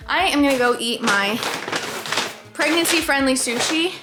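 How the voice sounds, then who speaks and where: A bubbly young woman talks chattily at home in a high, bright-pitched voice. She is pregnant and getting over a cold, and she gushes as she goes. The room is echoey, and faint music plays underneath. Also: animated, moderate pace. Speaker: vlogger. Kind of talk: casual vlog chat.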